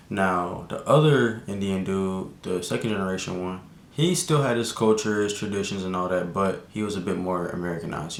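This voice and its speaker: A man's voice: sits low, gravelly, reverberant. A young man vlogger telling a casual storytime, rambling and laid-back, full of slang and restarts. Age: young adult.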